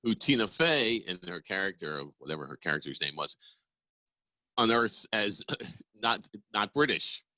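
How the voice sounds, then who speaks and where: Bright-voiced rambling male podcast co-host. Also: on the low side, animated, normal speed, no echo, rough recording. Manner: rambling, restarts often, joking. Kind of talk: casual bickering chat.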